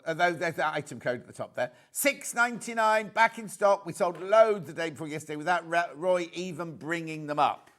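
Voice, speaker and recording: A man's voice: fairly high pitch, fairly quick, few pauses, a bit bright. A British man presenting on a live shopping channel, chatty and prone to repeating words as he reads out viewer messages.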